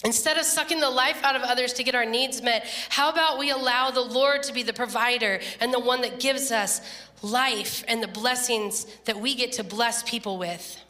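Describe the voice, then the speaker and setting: Woman giving a sermon, bright voice, echoey church hall, jumps up high when quoting people. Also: normal speed. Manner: animated storytelling, laughing, voice jumps up when quoting. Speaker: preacher.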